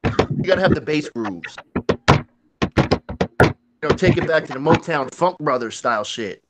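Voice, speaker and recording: A man's voice: a little high, expressive, measured pace, very noisy. Laid-back, laughing man in casual chat. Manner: laid-back, profane, laughs often, breaks into impressions. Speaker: podcast co-host.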